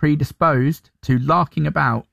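A man with an Estuary English accent co-hosting a casual podcast, explaining word origins with halting stops and restarts. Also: a little high, fairly even intonation, vocal fry, fairly bright tone, no room sound, studio quality. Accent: London, Estuary English. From Scotland and England. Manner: halting, restarts often while reading out facts. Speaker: co-host.

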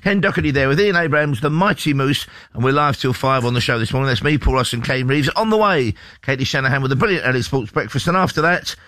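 Fast-talking man hosting sports radio. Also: mid-range voice, lively intonation, fairly bright tone, no echo. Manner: quick, jokey banter. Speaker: radio show host. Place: radio studio.

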